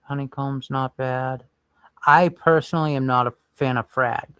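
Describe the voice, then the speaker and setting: A man's voice: medium pitch, steady tone, moderate pace, sharp tone, clean tone, dry recording. A man hosting a casual livestream, rambling and thinking aloud while browsing and chatting with viewers. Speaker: livestream host.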